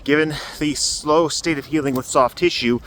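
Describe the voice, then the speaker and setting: Walking outdoors on a cold day with a handheld camera, a vlogger gives a casual recovery update, his voice muffled by a face covering at first. He's slightly high and a bit bright, speaking at normal speed with fairly even intonation, rambling loosely with fillers, and a little hiss or hum is audible.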